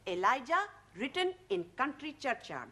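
An earnest student reciting poetry. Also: female voice, high-pitched, sing-song, sharp tone, full character voice. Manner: halting broken English, formal.

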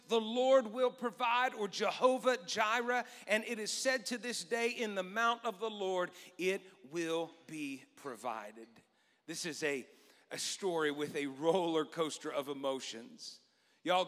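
A male pastor preaching a sermon, telling a Bible story in an animated way and acting out the voices. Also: high-pitched, big-room sound.

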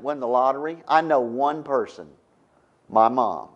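A man's voice: mid-range voice, unhurried, muffled recording. A middle-aged man preaching a sermon in a conversational way, often stopping to ask "right?". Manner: conversational, keeps asking "right?".

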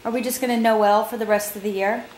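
A woman's voice: on the high side, steady tone, fast, music in the background. A young adult woman chatting casually in a home vlog, laughing often and coaxing her pets. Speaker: vlogger.

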